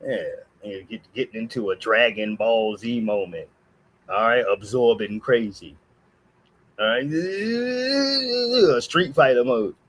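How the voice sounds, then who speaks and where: A live streamer telling a story in a casual rant, peppering his talk with "all right" and swinging from low mutters to high exclamations. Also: normal speed, breathy edge, low-quality recording.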